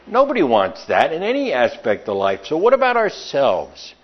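Lively preaching man, dull lo-fi sound. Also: a little high, measured pace. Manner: lively, emphatic, asks the listeners questions. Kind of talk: sermon.

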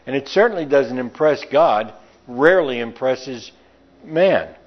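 A man's voice: medium pitch, expressive, a little slow, lo-fi sound. A man preaching a sermon, emphatic and conversational, often asking his listeners questions.

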